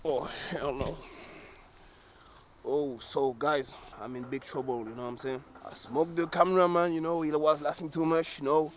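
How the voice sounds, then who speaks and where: A man's voice: a little high, fairly even intonation, normal speed. A man filming a joking complaining vlog, whiny and slangy, calling everyone "bro" and mixing in French words.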